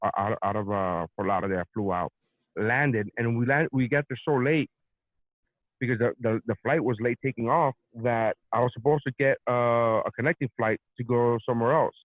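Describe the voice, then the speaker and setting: A male comedian telling a long, profane travel story in loose conversation. He acts out each exchange and jumps in pitch and volume as he plays the people in it. The sound is dry and narrow, as if heard down a phone line. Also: brisk, dry recording. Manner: profane, animated, acts out both sides of anecdotes. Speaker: podcast host, comedian. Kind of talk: casual storytelling chat.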